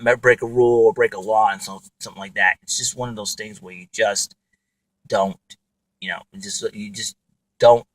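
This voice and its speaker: A man's voice: lowish voice, dry recording, rough recording. A man hosting his own podcast, talking alone in a rambling way with many fillers and restarts. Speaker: podcast host. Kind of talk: casual monologue.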